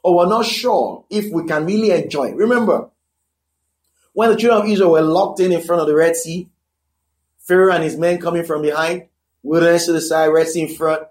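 A man's voice: a little high, a little fast, a little mellow. A man preaching a sermon, emphatic and conversational, repeating key phrases and checking in with his listeners.

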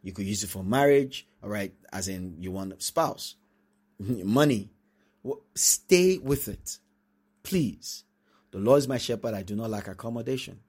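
A man preaching a sermon, reading scripture slowly and breaking into quick acted-out asides. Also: fairly low pitch, darkish tone, husky. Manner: reads scripture slowly, then talks fast with many asides.

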